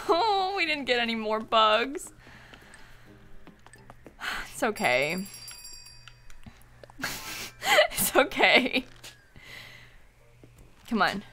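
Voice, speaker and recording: A woman's voice: high-pitched, sing-song, drawn-out words, pauses often, sharp tone, soft background music. A young woman streaming a video game, chatting casually, giggling often and squealing dramatically at what happens on screen.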